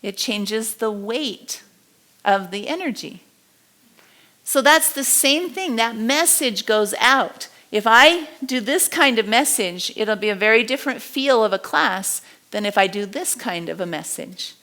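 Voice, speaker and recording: A middle-aged woman teaching a live body language class, animated and acting out what people say. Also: fairly high pitch, unhurried. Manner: animated, acts out quotes and gestures.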